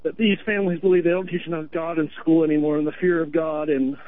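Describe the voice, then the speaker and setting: High-voiced man from Vermont, tinny phone line. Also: little pitch movement, fast. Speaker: caller. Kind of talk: phone-in radio talk. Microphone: telephone.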